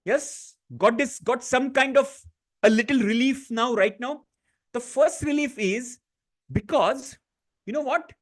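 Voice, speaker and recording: A man guiding a live online stress-relief session, speaking gently with many fillers and restarts. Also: very high voice, a little slow. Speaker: stress-relief workshop facilitator. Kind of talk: guided tapping session on a live online class.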